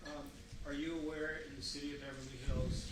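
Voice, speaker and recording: Distant male lawyer in a booming courtroom. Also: level tone, fairly quick. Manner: methodical, pressing for yes-or-no answers. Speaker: attorney cross-examining. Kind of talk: courtroom questioning. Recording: distant, very echoey courtroom audio with hiss.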